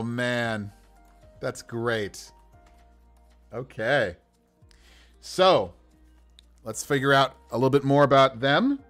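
A man's voice: medium pitch, a bit bright. A man running a casual livestream as game master, rolling dice to build characters, talking to viewers with enthusiasm and frequent laughter.

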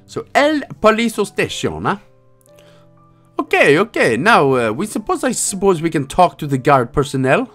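A man's voice: on the high side, big pitch swings, moderate pace, a bit bright, soft background music. A man giving casual, jokey walkthrough commentary on a game, now and then reading out lines in put-on voices. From Wales. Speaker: game guide creator.

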